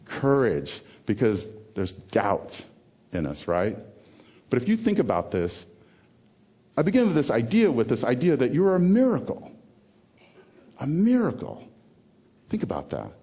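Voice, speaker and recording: A man giving a motivational talk on stage, emphatic, repeating key phrases and swinging between loud lines and hushed ones. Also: mid-range voice, huge pitch swings, a little slow, long pauses, breathy edge. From American South. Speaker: motivational speaker. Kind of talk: TEDx keynote talk.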